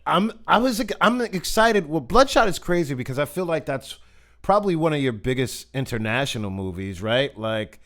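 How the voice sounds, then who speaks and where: A man's voice: a little high, animated, normal speed, a bit bright. A man hosting a casual interview chat, asking rambling, joking questions with many restarts. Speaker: podcast host.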